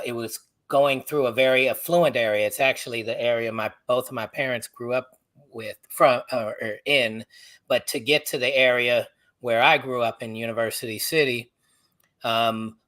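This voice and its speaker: A middle-aged man, an author from the United States, guest on a podcast, telling personal stories in an animated, halting way. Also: mid-range voice. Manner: animated, halting, acts out others' voices. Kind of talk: personal storytelling in a podcast interview.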